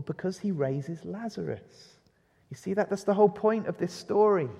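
Fairly high-voiced male preacher in a reverberant hall. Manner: asks the congregation rhetorical questions; lively, varies pace and loudness for emphasis. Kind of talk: evening sermon. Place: church. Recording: long reverb of a church hall.

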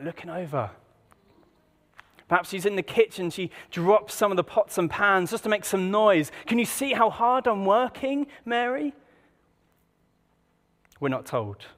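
A man's voice: high voice, long reverb tail. A man preaching an evening sermon in a casual, conversational way, full of rhetorical questions to the congregation.

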